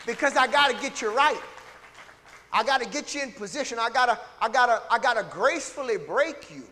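A man's voice: very high voice, animated, brisk, sharp tone, a faint crowd, exaggerated voice. Stern fatherly God, as a preacher puts him on. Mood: firm. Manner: firm, explaining. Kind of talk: sermon. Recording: reverberant hall.

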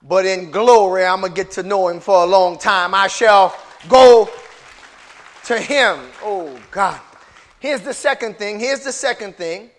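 Preaching to a congregation in a high-pitched voice, a man repeats phrases for emphasis and builds up to shouted call-and-response.

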